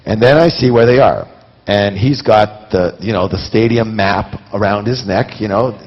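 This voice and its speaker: A man's voice: lowish voice, moderate pace, husky. Man telling stories at a seminar, dull lo-fi sound. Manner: animated, talks straight to the audience. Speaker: seminar speaker. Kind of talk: live seminar storytelling. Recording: dull lo-fi recording.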